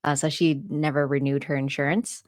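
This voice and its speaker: Low-voiced woman telling a story. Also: brisk, no echo, studio quality. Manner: laughs often, animated retelling. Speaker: podcast co-host and landlord. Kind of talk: casual storytelling chat.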